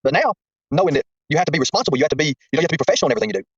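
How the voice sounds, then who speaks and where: Fast-talking, preachy man on a livestream. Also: fairly high pitch, big pitch swings, breathy edge, no room sound. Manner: folksy, preachy, repeats himself. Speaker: livestream host. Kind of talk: casual livestream chat. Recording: muffled lo-fi stream audio.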